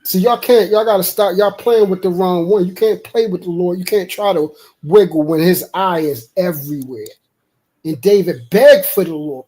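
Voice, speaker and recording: A man's voice: sits high, normal speed, dark tone, rough recording. A man hosting a stream who argues and preaches emphatically, acting out voices as he retells stories. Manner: emphatic, preachy, quotes God in a raised voice. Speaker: podcast host. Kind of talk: heated debate and preaching. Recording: live stream.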